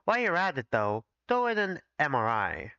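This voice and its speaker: Bossy hospital doctor, voiced by a man, brisk and pushy. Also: a little high, huge pitch swings, creaky, bright, forceful tone, clear, resonant tone, no echo, muffled recording, full character voice.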